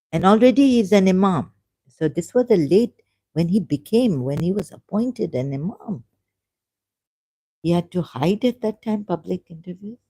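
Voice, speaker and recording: Woman talking to camera, low mellow voice, keeps stopping and restarting, frustrated. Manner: hesitant and halting, many restarts and fillers; earnest, openly frustrated. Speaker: religious commentary vlogger. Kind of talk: unscripted talk to camera.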